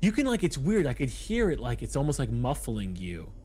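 A man chatting casually during a multiplayer game, quick and helpful as he sorts out a friend's mic problem. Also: mid-range voice, huge pitch swings, mellow, slight background noise. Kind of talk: casual gaming chat.

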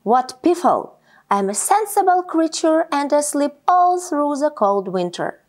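A woman voicing a grumpy male badger in a storybook read-aloud, gruff and huffing. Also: high-pitched, big pitch swings, unhurried. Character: grumpy old male badger who hates being woken.

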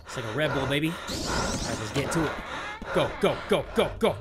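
A man's voice: medium pitch, expressive, normal speed, very noisy. A young man playing a horror game, talking to viewers in a jittery, self-mocking, chatty way. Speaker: gaming youtuber.

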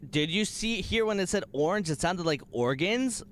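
A man streaming a video game, reacting out loud in an excitable way, swearing and jumping to sudden shouts. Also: sits high, moderate pace, a little hiss or hum. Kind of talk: gaming livestream commentary.

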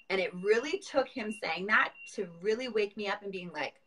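A middle-aged woman, a former competitive swimmer, chatting as an interview guest and telling lively stories with a lot of laughter. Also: medium pitch, a little fast, few pauses, poor audio. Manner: animated storytelling with frequent laughs. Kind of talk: casual interview chat.

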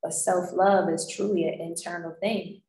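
A woman's voice: on the low side, fairly even intonation, normal speed, dark tone. A woman hosting a casual chat, talking candidly and bluntly with slang and the odd curse. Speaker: host. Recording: roomy echo.

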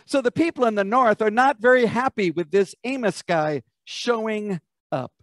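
A man's voice: sits high, moderate pace, no echo. An American man preaching a sermon, retelling scripture as a vivid story and asking listeners to imagine it. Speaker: pastor.

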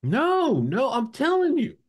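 A man hosting a casual podcast, telling stories with animated, profane banter. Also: extremely high pitch, slow. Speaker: podcast host.

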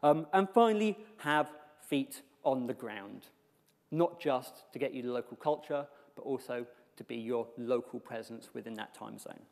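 A man's voice: a little high, darkish tone. Wry man presenting in an echoing hall. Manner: wry, joking asides. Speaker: conference speaker. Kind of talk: conference presentation. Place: large lecture hall. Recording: echoey hall reverb.

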